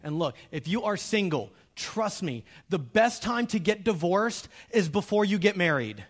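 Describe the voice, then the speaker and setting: Middle-aged male pastor, higher-pitched voice for a man, lively humorous sermon delivery. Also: unhurried. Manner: animated, acts out quoted dialogue; humorous, direct address to the audience.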